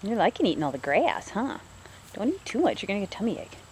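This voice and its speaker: Lady cooing at an animal outside, lively sing-song pet talk, faint crickets behind. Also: medium pitch, quick pace, slight background noise, low-quality recording. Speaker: wildlife rehabilitator. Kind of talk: casual talk to an animal while filming. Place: outdoor animal enclosure.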